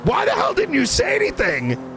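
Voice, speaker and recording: A man's voice: very high-pitched, huge pitch swings, normal speed, gravelly, over music. A man in casual roleplay chat on a game stream, rambling with lots of fillers. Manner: rambling, loose talk full of fillers. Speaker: roleplay player as police officer. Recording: game car noise under voice.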